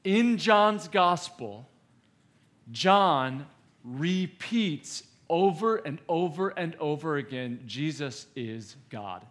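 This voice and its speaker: Camp preacher, male, slightly high voice, slow and emphatic. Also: fairly bright tone. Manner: emphatic, asks the audience questions. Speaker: youth camp speaker. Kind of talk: sermon to a youth camp.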